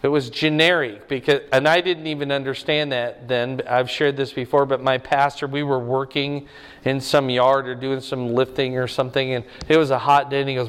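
A man's voice: medium pitch, little pitch movement, normal speed, clean tone. Man teaching scripture in a reverberant hall. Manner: conversational, asks the audience questions. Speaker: pastor. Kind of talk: Bible teaching to a congregation.

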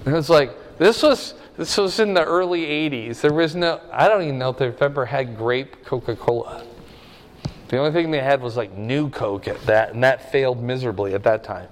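A man's voice: medium pitch, moderate pace. A middle-aged man preaching a Bible lesson in a conversational way, asking his listeners questions. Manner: conversational, asks the audience questions. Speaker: pastor. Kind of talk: Bible teaching to a congregation. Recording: long hall reverb.

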